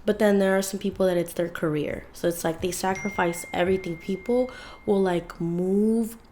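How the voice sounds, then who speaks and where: A woman's voice: medium pitch, fairly even intonation, moderate pace, warm tone, a little hiss or hum. A young woman co-hosting a podcast in casual chat, talking chattily with lots of fillers. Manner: chatty, many "like"s, emotional retelling. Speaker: podcast co-host.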